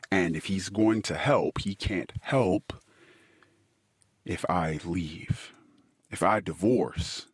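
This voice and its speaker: A middle-aged man hosting a podcast, telling a personal story in a halting, emotional way that drifts into quiet asides. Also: low voice, breathy edge, no echo. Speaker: podcast host.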